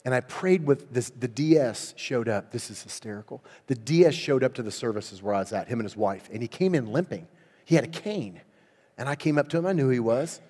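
A man preaching at a revival service, telling a story in a lively, conversational way and laughing often. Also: mid-range voice, a little fast. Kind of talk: storytelling sermon. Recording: long reverb in a church hall.

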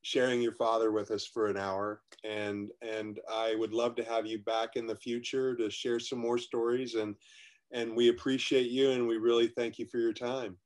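A man's voice: medium pitch, flat delivery, normal speed, a little mellow, poor audio. A man hosting a podcast interview, asking questions and politely thanking his guest. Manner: polite, appreciative wrap-up. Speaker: podcast host.

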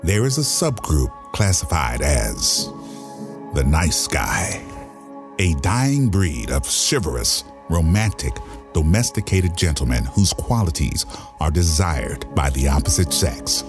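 A man delivers a scripted intro in a grave mock-documentary tone. His voice sits very low and moves slowly, with a lot of swing in pitch. Music plays behind him. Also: big pitch swings. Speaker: show intro announcer. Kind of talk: scripted dramatic voice-over narration.

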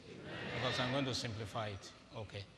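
The man, a guest preacher, talks fast in a medium-pitched voice with fairly even intonation while directing volunteers on stage. His humorous, interactive sermon fills a large auditorium, heard in an echoey hall with faint ambience and background noise.

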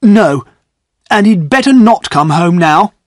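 A man voicing a young gentleman in an audiobook, anxious and quick to anger, speaking in a raised, bitter tone. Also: a little high, animated, no echo, studio quality, pitched above the performer's own voice. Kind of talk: graded-reader audiobook reading.

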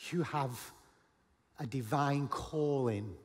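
A man preaching a sermon as pastor, animated, acting out Bible dialogue and at times rising to a shout. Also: medium pitch, takes it slowly. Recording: long hall reverb.

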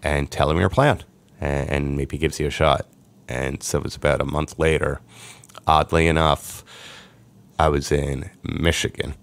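A man, a podcast guest, telling his life story in a lively way and acting out the voices of people he quotes. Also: very deep voice, creaky. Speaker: podcast guest, sports agent. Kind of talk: storytelling interview.

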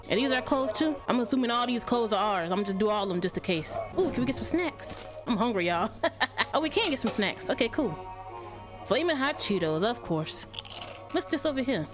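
A woman's voice: fairly high pitch, animated, fairly quick. A young woman hosting a gaming channel, chatting straight to her viewers and reading the game's text aloud while playing a horror game. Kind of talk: horror game let's play commentary. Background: game music.

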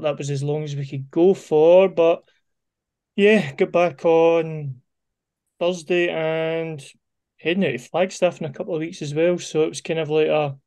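A man as a guest athlete on a podcast, chatting in a relaxed, matter-of-fact way. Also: a little high. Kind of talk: casual interview chat.

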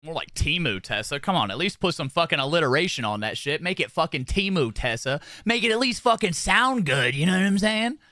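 A man's voice: on the high side, animated, brisk, few pauses, pushed and bright, no room sound, studio quality. A young man chatting casually on a livestream while doing his makeup, talking in a profane, slangy, rambling way and repeating his phrases. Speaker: streamer.

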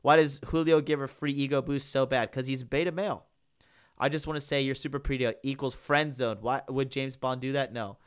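A young man hosts a live stream in a mid-range, smooth voice with a steady tone and a fairly quick pace. He reacts to a video, reads chat aloud in a crude, mocking way, and laughs often in this casual commentary.

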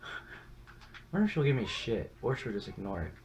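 A man's voice: lowish voice, sing-song, a little fast, darkish tone. A young man casually chatting and swearing while he plays a game, rambling and self-deprecating. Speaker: gaming channel host. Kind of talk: casual gameplay commentary. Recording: muffled, lo-fi with audible background noise.

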